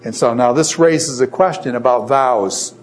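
A man's voice: medium pitch, unhurried. A middle-aged man teaching a lecture on scripture, who poses questions and then answers them himself. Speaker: Bible teacher.

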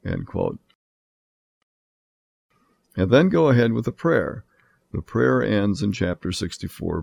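A man teaching a Bible lesson in a measured lecture style, marking each citation with "quote" and "end quote". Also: low-pitched, gravelly, a little mellow. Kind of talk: lecture on scripture.

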